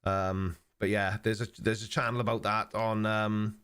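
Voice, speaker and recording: A man's voice: lowish voice, little pitch movement, moderate pace, fairly bright tone, clean tone. An older man from England chatting casually on his live stream, reading out viewer comments with dry, sarcastic banter. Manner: dry sarcastic banter, mock-offended asides.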